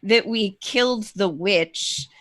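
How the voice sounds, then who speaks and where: Female player, slow and measured, planning aloud, dry mic. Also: mid-range voice, fairly bright tone, no room sound. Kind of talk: casual chat at a tabletop game.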